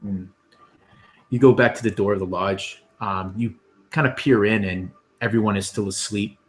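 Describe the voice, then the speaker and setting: Low-voiced man running a tabletop game. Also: fairly even intonation, normal speed. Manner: hesitant, many ums and restarts. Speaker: game master.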